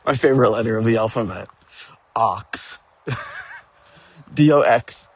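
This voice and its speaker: A man's voice: medium pitch, huge pitch swings, unhurried, pauses often, husky, no room sound. A man telling a rambling, profane story about his tabletop game, chuckling now and then as he goes. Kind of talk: rambling casual storytelling rant.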